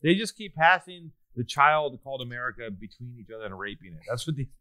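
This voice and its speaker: A man co-hosting a podcast in casual comedic chat, profane and rambling, quick to jump into stories. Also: medium pitch, sharp tone, no room sound. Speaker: podcast co-host.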